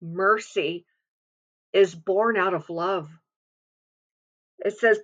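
A woman's voice: medium pitch, fairly even intonation, extremely slow, long pauses, fairly bright tone, lo-fi sound. A woman giving an earnest, confiding devotional sermon, reading scripture and speaking from personal experience with frequent restarts.

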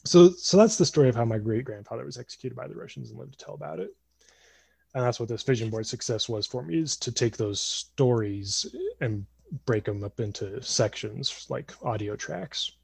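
A man in his twenties telling a family story casually on a podcast, animated and acting out voices. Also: mid-range voice, normal speed, gravelly, breathy edge, no echo. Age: 20s.

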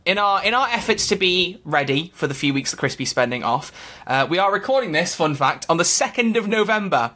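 A quick-talking man with a fairly high, bright voice banters as a podcast co-host. He teases his partner and laughs easily, keeping the talk light. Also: expressive. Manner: playful, teasing, quick to laugh. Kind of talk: casual chat.

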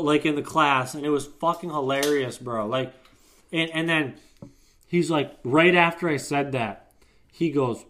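A young man telling a story at his own pace, swearing freely and restarting his sentences as he goes. His voice sits at an average pitch for a man. It is a loose, casual chat between friends. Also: moderate pace, a bit bright. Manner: profane, rambling storyteller with frequent restarts. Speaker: podcast co-host.

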